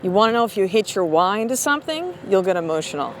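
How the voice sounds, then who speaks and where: A woman's voice: mid-range voice, sing-song, a little hiss or hum. A woman in her thirties, a mother hosting her show, giving a blunt, profane motivational talk. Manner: blunt, profane, fast and emphatic. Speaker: podcast host and mother. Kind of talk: motivational monologue.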